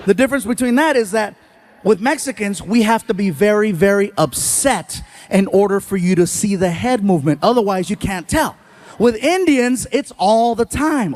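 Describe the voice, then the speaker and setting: A male stand-up comedian telling stories in an animated way and talking to the audience. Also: high-pitched, normal speed. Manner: animated storytelling, talks to the crowd.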